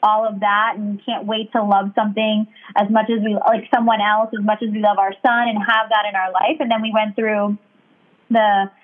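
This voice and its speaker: A woman's voice: mid-range voice, level tone, moderate pace. A young woman talking in a chatty, rambling, candid way during casual conversation. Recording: tinny phone-like sound.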